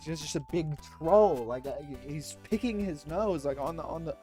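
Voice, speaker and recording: A woman's voice: sits low, moderate pace, warm tone, faint music behind. A woman streaming a video game live, joking and laughing with her chat. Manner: playful, laughing, jokey. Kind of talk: live gameplay commentary.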